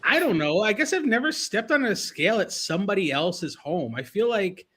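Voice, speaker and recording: A man's voice: high-pitched, big pitch swings, moderate pace, bright, forceful tone, slightly rough. A man co-hosting a podcast in casual chat, rambling with lots of fillers and laughing at his own jokes.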